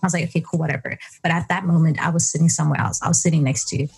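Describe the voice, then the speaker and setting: A woman's voice: low voice, fairly even intonation, rapid-fire, gravelly, a little mellow, breathy edge, faint music behind. A young woman from South Africa hosting a podcast, animatedly telling a personal story and acting out her own thoughts. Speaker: podcast host. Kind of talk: casual storytelling.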